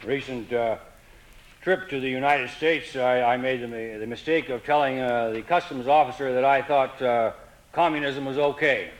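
A man telling comic stories in a dry, wry, deadpan way. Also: medium pitch, normal speed, a little hiss or hum, rough recording. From Canada. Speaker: humorist. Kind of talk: comic storytelling.

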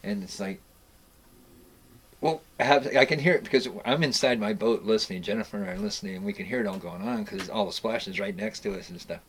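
A man's voice: lowish voice, a little fast, husky, poor audio. A man casually telling a story about a boat party, rambling with restarts and asides. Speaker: storyteller guest.

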